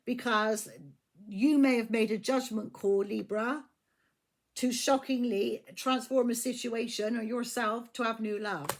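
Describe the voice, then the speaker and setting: A woman's voice: a little high, fairly even intonation, a little slow. A woman giving a casual tarot reading, blunt and profane, often repeating her phrases. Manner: blunt, swears freely, repeats herself. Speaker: tarot reader.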